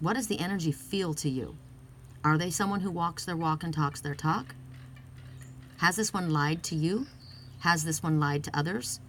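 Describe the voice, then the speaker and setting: A woman's voice: deep voice, slight background noise. A middle-aged woman giving an earnest, heartfelt oracle card reading, emphatic and casual.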